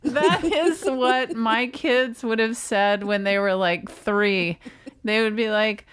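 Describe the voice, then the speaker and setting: A middle-aged woman co-hosting a comedy podcast, chatting casually in a dry, deadpan way. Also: fairly high pitch, takes it slowly, smooth, no room sound. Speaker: podcast co-host.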